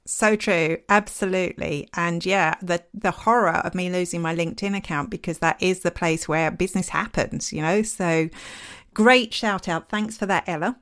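A woman's voice: lowish voice, normal speed, fairly bright tone. Chatty, self-mocking woman co-host. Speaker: podcast co-host. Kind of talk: casual podcast chat.

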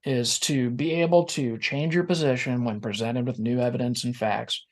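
Guy on a podcast, earnest, thinking out loud, mid-pitched voice. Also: steady tone, normal speed. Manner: earnest, reflective. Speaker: podcast guest. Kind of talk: casual conversation.

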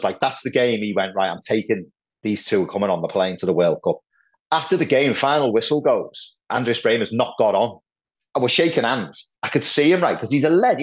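A middle-aged man, telling lively football anecdotes as a podcast guest, peppered with "like" and "right". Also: medium pitch. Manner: animated anecdotes, lots of "like" and "right". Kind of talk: casual storytelling chat.

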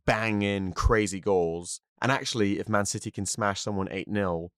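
A man's voice: on the low side, a bit bright, clear, resonant tone, no echo, studio quality. A man co-hosting a podcast, talking through ideas and asking rhetorical questions. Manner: quick, musing, asks rhetorical questions. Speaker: podcast co-host. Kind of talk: casual discussion.

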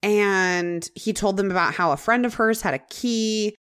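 A young woman hosts a podcast and recounts a true-crime case in a loose, conversational way. She keeps slipping in "like" and slows down for dramatic beats. Her pitch sits in an ordinary middle range. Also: fairly bright tone, clean tone. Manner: chatty, frequent "like" fillers, dramatic pauses. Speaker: podcast host. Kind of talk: casual true-crime storytelling.

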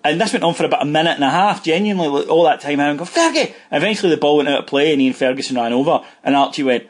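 A man's voice: a little high, very fast. A Scottish man co-hosting a podcast, telling long rambling anecdotes in casual chat and laughing at his own stories. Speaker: podcast co-host.

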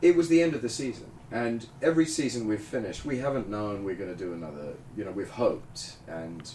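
Animated laughing man in a roomy room. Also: on the low side, recorded from a distance, a little hiss or hum. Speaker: actor guest. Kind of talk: casual panel chat.

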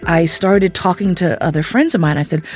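A woman's voice: lowish voice, moderate pace, darkish tone, breathy edge, soft background music. A woman telling a frank, candid personal story as a monologue, acting out her own thoughts in quoted asides.

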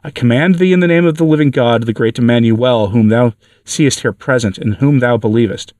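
A man's voice: mid-range voice, fairly quick, darkish tone, no echo, natural voice. Stern male exorcist priest, read by a man, solemn commands; distant dry mic. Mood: commanding.

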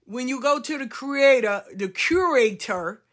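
A woman's voice: sits high, expressive, a little slow, fairly bright tone. A woman hosting a talk show, telling stories in a loose, swearing, chatty monologue. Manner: chatty, swearing, drawling Southern-style address to listeners. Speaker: podcast host. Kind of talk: casual storytelling monologue.

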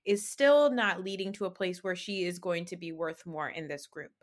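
A woman's voice: lowish voice, normal speed. Earnest, heartfelt woman podcast co-host. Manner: earnest and heartfelt, builds to indignant. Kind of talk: casual chat.

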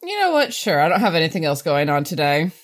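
Low-voiced woman narrating her character. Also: sing-song, fast talker. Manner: casual, rambling, with filler likes. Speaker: tabletop player.

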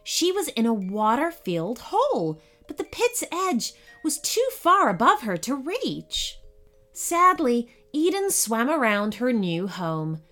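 Slow, expressive woman storyteller. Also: on the high side. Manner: slow, expressive, animated reading. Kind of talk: children's bedtime story narration. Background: faint music.

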